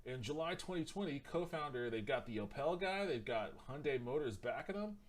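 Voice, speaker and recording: A man hosts a casual livestream, reading news articles aloud in an everyday voice. He trips over names and numbers and backs up to fix them. Between passages he drops in quick, blunt, profane comments of his own. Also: mid-range voice, animated. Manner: stumbles and restarts while reading. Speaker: livestream host.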